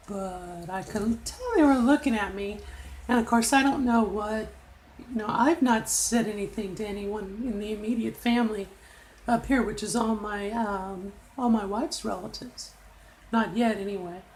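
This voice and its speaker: A woman's voice: on the high side, slight background noise, poor audio. A middle-aged woman recording a casual video diary, talking candidly with many fillers and asides. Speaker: vlogger.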